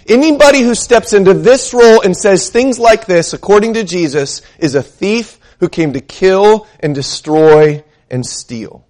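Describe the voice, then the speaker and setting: This pastor has a high voice with a darkish tone and preaches with emphasis. He directs questions at the congregation and reads scripture aloud at a slow pace.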